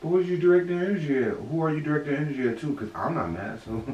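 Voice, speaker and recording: A man's voice: a little high, very fast, recorded from a distance, muffled recording, a loud crowd. A man in a casual prank vlog, teasing and arguing back at his partner in their bedroom. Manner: teasing, laughs, argues back. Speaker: vlogger, boyfriend. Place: bedroom at home. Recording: roomy, off-mic, faint music.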